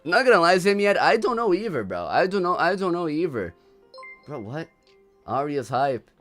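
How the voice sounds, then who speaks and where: A man's voice: fairly high pitch, big pitch swings, moderate pace, fairly bright tone, faint music behind. A young man from Brazil with a Brazilian accent, hosting a casual livestream, laughing often and repeating himself in slangy chatter. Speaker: livestream host.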